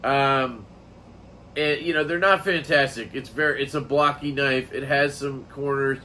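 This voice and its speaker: A man's voice: medium pitch, fairly even intonation, a little slow, pushed and bright, slight background noise. An American man giving a casual, rambling knife review, enthusiastic and profane, with lots of fillers.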